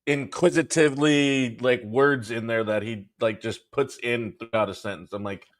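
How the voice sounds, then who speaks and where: A man's voice: mid-range voice, fairly even intonation, moderate pace. A man co-hosting a sports podcast in casual chat, talking loosely and laughing along with the host. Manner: chatty, laughs along, repeats himself.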